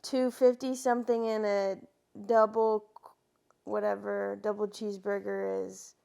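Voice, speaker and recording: A woman's voice: medium pitch, little pitch movement, measured pace, gravelly, mellow, clean tone. A young woman co-hosting a casual podcast, chiming in with matter-of-fact, dry remarks. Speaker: podcast co-host. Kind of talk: casual chat.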